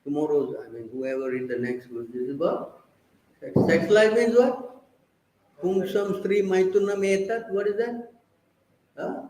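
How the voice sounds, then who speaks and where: A man's voice: sits high, measured pace, long pauses, a little mellow, echoey room, a little hiss or hum, poor audio. A man giving a scripture class, preaching and prodding his listeners with rhetorical questions.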